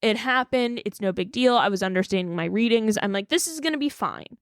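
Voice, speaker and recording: Fairly high-pitched and fairly quick, a woman in her twenties retells a story on the podcast she co-hosts, recorded cleanly and dry in a studio. She acts out what people said and fills her chat with "like."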